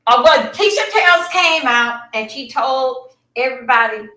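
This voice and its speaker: A woman hosting a casual livestream from her computer, chatting and rambling straight to her viewers. Her voice is bright and a touch high. She sounds like she is in an echoey room. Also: lively intonation, normal speed. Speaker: livestream host. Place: at home at a computer.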